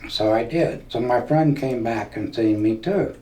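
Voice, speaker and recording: A man's voice: mid-range voice, warm tone. A man in his seventies from Nebraska, a veteran telling stories in a folksy way for an oral history interview. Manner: slow, folksy storytelling. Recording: roomy, distant mic, faint hiss.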